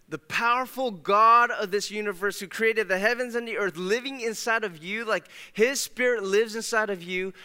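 Bright, clear-voiced male pastor preaching. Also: sits high, long reverb tail. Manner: conversational, emphatic, shifts between loud and hushed. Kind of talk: sermon. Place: church sanctuary.

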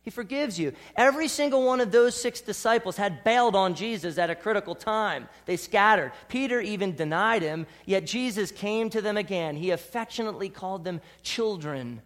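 A man preaching a sermon as pastor, dropping to soft, hushed lines and rising to bold, emphatic ones. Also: high-pitched, lively intonation, normal speed, few pauses. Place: church.

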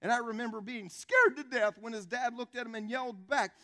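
A middle-aged man from the preaching a sermon, swinging from loud ranting to soft, low pleading. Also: brisk. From American South. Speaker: pastor.

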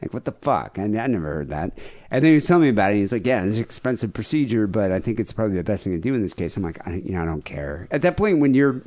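A man's voice: lowish voice, very animated, racing, mellow. A man co-hosting a podcast in casual chat, grieving as he tells a long, profane, rambling story. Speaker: podcast co-host.

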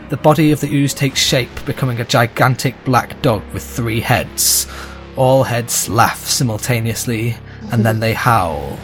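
Male game master, measured descriptive narration, faint music bed. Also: medium pitch.

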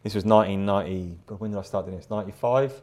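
A man's voice: on the low side, rapid-fire, mellow. A middle-aged man, a guest artist in a live interview, talking in a rambling, chatty way with frequent laughs and repeated words. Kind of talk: casual interview chat.

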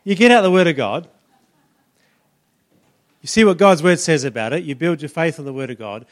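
A man's voice: fairly high pitch, expressive, normal speed. A male pastor preaching and teaching, often putting questions to the congregation. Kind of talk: sermon.

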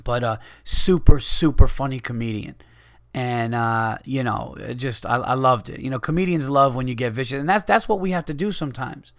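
A male comedian talking solo on his podcast, rambling through a story with plenty of swearing. His voice sits at a middle pitch and sounds close and dry, with no room around it. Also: normal speed, no echo. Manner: profane, rambling, animated storytelling. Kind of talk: casual storytelling monologue.

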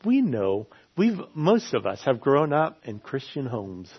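A man's voice: mid-range voice, very animated, unhurried, husky. Earnest male preacher, slightly lo-fi. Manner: earnest, repeats phrases for emphasis. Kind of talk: sermon. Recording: slightly dull lo-fi sound.

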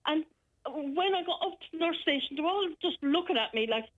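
An Irish woman phoning in, telling a frightening personal account in a halting, shaken way with many restarts. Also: high-pitched, expressive. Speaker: caller. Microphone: telephone. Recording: muffled telephone line.

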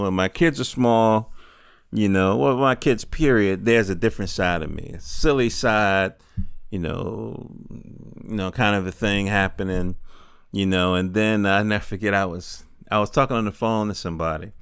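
A man's voice: fairly low pitch, creaky, a bit bright, smooth, no echo, clean studio sound. A middle-aged man giving a rambling, digressive monologue, full of fillers and casual swearing. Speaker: podcaster. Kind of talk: rambling stream-of-consciousness monologue. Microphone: handheld field recorder.

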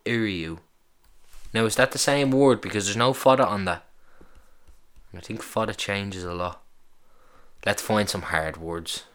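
A man with a fairly low voice hosts a casual solo podcast. He talks to himself as he browses, amused and swearing freely. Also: measured pace, pauses often, a bit bright. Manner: swearing, amused, reacting aloud while browsing. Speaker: podcast host.

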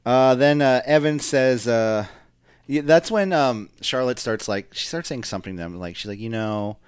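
A man's voice: mid-range voice, expressive, moderate pace, smooth, dry recording, studio quality. A young man co-hosting a casual podcast, rambling through a wrestling recap with lots of fillers. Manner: chatty, rambling, mimics wrestlers in quotes. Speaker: podcast co-host.

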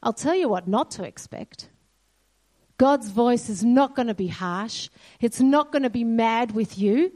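A woman's voice: a little high, lively intonation, a little slow. A woman giving a sermon in a church hall, earnest and storytelling. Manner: earnest, storytelling, quotes God softly. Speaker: church speaker.

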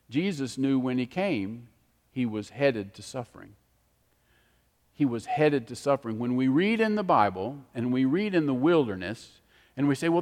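A man preaching a sermon, animated and storytelling, moving from emphatic to hushed. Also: sits high. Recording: long hall reverb.

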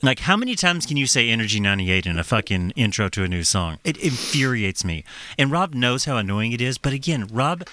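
A man casually telling a profane, animated story on a podcast, laughing as he goes. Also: medium pitch, a little fast, no echo, faint music behind.

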